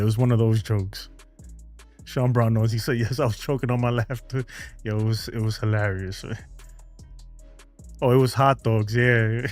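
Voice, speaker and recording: A man hosting a casual baseball fan stream from home, laughing often and saying "man" and "bro" a lot. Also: medium pitch. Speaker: baseball fan channel host. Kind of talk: casual live-stream chat reading viewer comments.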